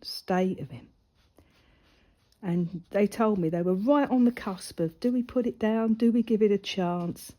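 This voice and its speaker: A crafting vlogger, a mother whose daughter is grown, chats casually as she colours, wandering through a personal story. Her voice is medium in pitch and dark in tone, her pace measured, and she often drops almost to a whisper.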